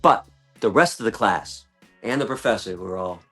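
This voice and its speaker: A man, an animal rights activist, telling an impassioned story as a guest in an emphatic, animated way. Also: fairly low pitch, normal speed, husky, faint music behind. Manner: animated, emphatic, acts out quotes.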